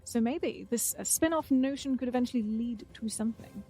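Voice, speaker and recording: A woman co-hosting a podcast, chatting casually and running through news items in a brisk, amused way. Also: on the high side, mellow, soft background music. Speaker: podcast co-host.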